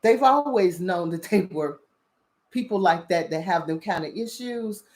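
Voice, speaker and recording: A woman's voice: lowish voice, lively intonation, measured pace, a little mellow. A woman hosting a spiritual talk show, preaching bluntly with lots of profanity and repeated "you understand?" questions. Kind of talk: casual spiritual commentary.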